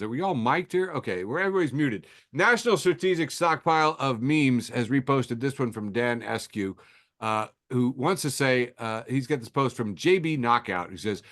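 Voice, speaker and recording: A man hosts a casual podcast, reading posts aloud and tossing off wry, chuckling asides. His delivery is loose and conversational, at a medium pitch for a man. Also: lively intonation, moderate pace, fairly bright tone. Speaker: podcast host.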